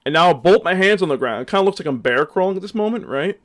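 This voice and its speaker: A man's voice: high voice, animated, quick pace. A young adult man telling a casual storytime, rambling with many fillers and animatedly acting out his own lines. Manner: rambling, heavy use of fillers. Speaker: storyteller vlogger.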